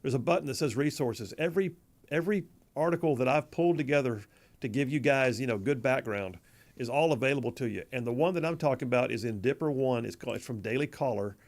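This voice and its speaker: A man hosting a conservative talk radio show in a studio, mocking and animated, stretching words for emphasis. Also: mid-range voice, quick pace. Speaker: radio host. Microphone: studio mic.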